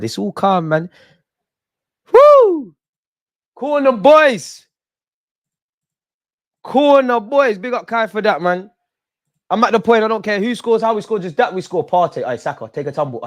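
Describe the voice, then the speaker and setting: A young man hosting a live football watch-along, talking at the players on screen and yelling at big moments. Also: on the high side, brisk. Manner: excitable, talks to the players on screen; shouts and yells at goals and chances.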